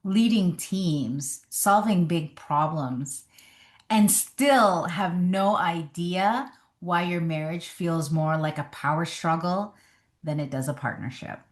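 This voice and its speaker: A woman relationship coach giving advice straight to the camera, in a measured, deliberate way with emphatic pauses. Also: fairly low pitch.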